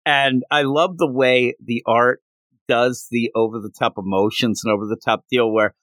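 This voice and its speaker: A man's voice: mid-range voice, steady tone, normal speed, a bit bright, no room sound. Rambling man recapping comics, dry sound. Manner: enthusiastic, rambling retelling. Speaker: podcast host. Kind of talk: casual manga chapter recap.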